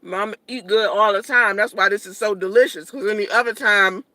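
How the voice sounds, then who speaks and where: A woman's voice: mid-range voice, fairly even intonation, moderate pace, bright, forceful tone, no echo. A woman in her late thirties hosting a casual livestream, eating and talking with her mouth full, blunt and profane. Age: 30s. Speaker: livestream host.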